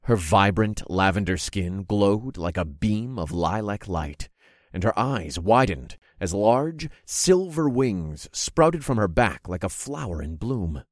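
A man narrating a fantasy audiobook in the first person, expressive and acting out his own reactions. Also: on the low side, takes it slowly, no room sound, clean studio sound. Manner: expressive, groaning and cursing in character.

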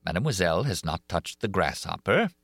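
Man playing a cold masked phantom, deliberate and mocking, crisp bright tone. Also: low-pitched, dry recording, clean studio sound, heavily acted. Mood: coldly menacing. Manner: deliberate, calm, taunting.

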